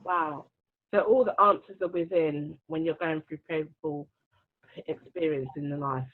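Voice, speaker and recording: This woman hosts a live-stream interview for a book launch, and her voice is deep, steady and unhurried. She's bubbly and laughs easily as she reads out comments, and the sound is tinny and phone-like, coming over a video call.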